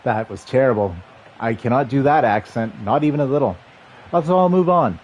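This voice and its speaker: Excitable man calling a football video game. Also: mid-range voice, fairly quick. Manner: chatty, excitable, rambling asides. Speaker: livestream gamer and commentator. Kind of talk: casual play-by-play chat with chat.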